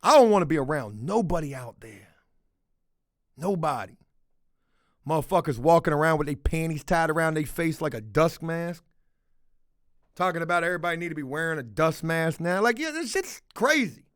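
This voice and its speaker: A man with a high-pitched voice chats loosely on a livestream and reacts to viewers' comments. He rambles from one gripe to the next and swears freely, with a blunt, unfiltered delivery. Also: lively intonation, moderate pace, pauses often, fairly bright tone. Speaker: livestream host reading chat. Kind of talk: casual livestream chat.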